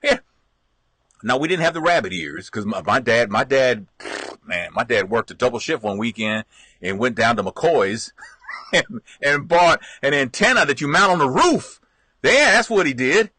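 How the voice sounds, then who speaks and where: Lively, bright-voiced middle-aged man reminiscing. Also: medium pitch, moderate pace, breathy edge, dry recording. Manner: rambling, lively, laughs often, restarts a lot. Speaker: live stream host. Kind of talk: casual chat, reminiscing.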